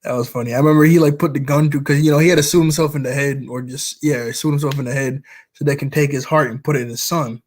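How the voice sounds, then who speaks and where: A man's voice: mid-range voice, fairly even intonation, quick pace, darkish tone. A man chatting casually about movies he likes, rambling along, often chuckling as he retells scenes. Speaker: vlogger.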